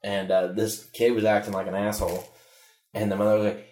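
A man's voice: lowish voice, level tone, a little mellow, echoey room. A man co-hosting a podcast, chatting casually, often laughing and trailing off with restarts. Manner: laughs often, halting with restarts, crude jokes. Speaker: podcast co-host. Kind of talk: casual chat.

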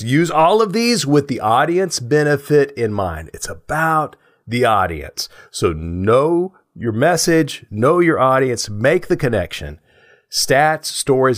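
A male podcast co-host who explains ideas in a measured, thoughtful way. His voice has a lively, varied pitch, and he laughs easily between points.

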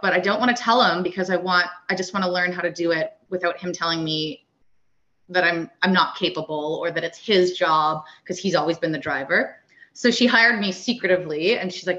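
A woman coach telling a story in a casual interview, animated and acting out the people she quotes. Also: lowish voice, brisk, highs cut off. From Canada. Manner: animated, acts out quoted dialogue. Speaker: guest, wakeboard coach.

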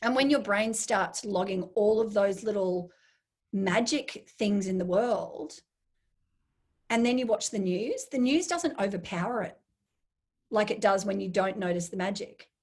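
A woman guest in a casual interview, talking enthusiastically and acting out her own inner voice in quick asides. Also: mid-range voice, darkish tone, slightly rough.

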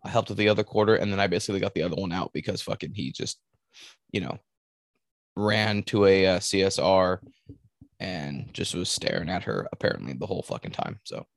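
A man's voice: low voice, gravelly, dry recording, studio quality. A man co-hosting a podcast in casual banter, rambling and swearing with many restarts. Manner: rambling, profane, halting restarts. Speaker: podcast co-host.

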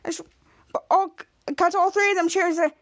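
A woman hosting a podcast, excitedly and ramblingly retelling a TV episode in a casual way. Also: very high voice, quick pace. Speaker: podcast host.

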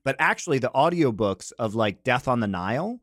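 A man's voice: mid-range voice, sing-song, fairly quick, fairly bright tone, no echo, clean studio sound. A man hosting a podcast, chatting casually and explaining with enthusiasm. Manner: enthusiastic, explanatory, many fillers. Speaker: podcast host.

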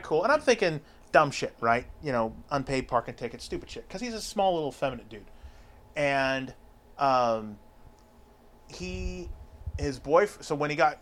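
Male host, casual storytelling chat: profane and rambling, mid-pitched voice. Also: fairly bright tone.

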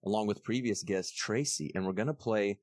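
A man's voice: lowish voice, no room sound, studio quality. A man with a Texan accent, hosting a podcast and telling stories animatedly in casual chat. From Texas. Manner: animated storytelling with quick put-on voices. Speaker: podcast host.

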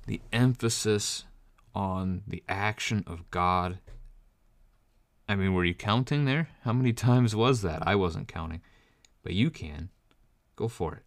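A man with a very low, deep voice delivers a teaching sermon, walking through scripture and stressing key phrases. He reads verses slowly and then explains them plainly. The sound is close and dry, with no room around it. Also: no echo. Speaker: preacher. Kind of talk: bible study sermon.

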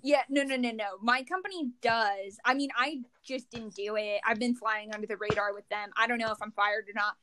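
A woman with a fairly high voice chats casually on a podcast. She is blunt and slangy and laughs along with the others. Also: a little fast, few pauses, pushed and bright. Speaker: podcast co-host. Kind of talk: casual chat.

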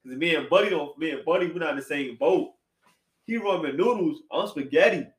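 A man hosting a casual podcast chat, animated and slangy, swinging between loud bursts and quiet asides. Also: fairly high pitch, fairly quick. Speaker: podcast host. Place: apartment room. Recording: echoey room.

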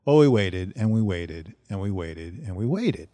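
A middle-aged man hosting a podcast, telling a funny story in a casual, animated way and laughing often. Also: lowish voice, moderate pace, no room sound. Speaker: podcast host.

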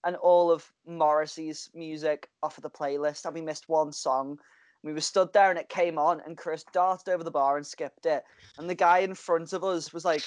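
A woman's voice: on the low side, fairly quick, no echo. A woman co-hosting a casual music chat over a video call, telling stories with frequent laughter. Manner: lively storyteller, laughs often. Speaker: podcast co-host. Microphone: headphones and mic on a video call.

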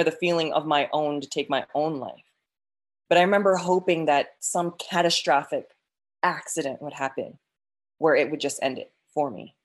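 A woman sharing an emotional personal faith testimony, earnest, with frequent restarts and quoted prayers. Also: low-pitched.

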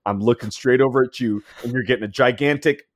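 A man's voice: fast, dry recording, studio quality. A man co-hosting a casual chat, telling a story with lots of "like" and "whatnot", acting out quoted lines with big jumps in his voice. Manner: animated, acts out quotes with big pitch jumps and laughs; heavy use of "like" and "and whatnot". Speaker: podcast co-host.

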